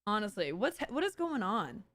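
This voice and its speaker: A woman's voice: medium pitch, sing-song, a little fast, a bit bright. A woman streamer giving live reaction commentary, ranting sarcastically with lots of fillers and restarts. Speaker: streamer host.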